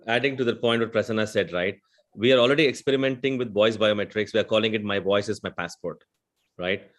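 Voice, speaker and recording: A man with a South Indian accent speaking on a panel as a conversational AI vendor, explaining at length and often adding a questioning "right?". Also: fairly low pitch. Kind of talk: panel discussion.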